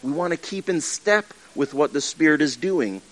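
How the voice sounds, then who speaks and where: Preaching in a church with a livestream, a pastor speaks earnestly and conversationally to his congregation, often restarting and performing little asides. His voice is a little high and a bit bright, animated, at a moderate pace.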